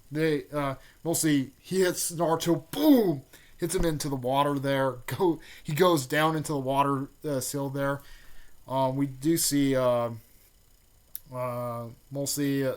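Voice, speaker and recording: A man casually recapping a fan-made story, rambling with lots of fillers and restarts, and with excited bursts on the action beats. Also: mid-range voice.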